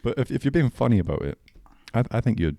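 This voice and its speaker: A man co-hosting a casual podcast, cracking dry, deadpan jokes and teasing his friend. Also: medium pitch, fast, vocal fry, no echo. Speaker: podcast co-host. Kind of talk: casual chat.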